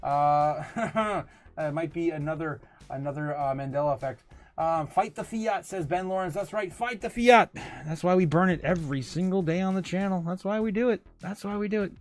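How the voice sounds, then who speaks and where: A man's voice: sits high, normal speed. A man hosting a crypto livestream, casually reading out viewer comments with lots of laughter and filler words. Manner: laughs often, hesitant with many fillers.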